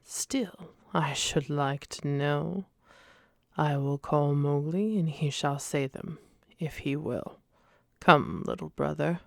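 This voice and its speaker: A cool, measured panther, voiced by a woman in a whispered role-play. The speech is slow and gravelly with a wry edge. The sound is dry and close. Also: low voice, dry recording, full character voice. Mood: coaxing. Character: sleek male panther, calm and dry.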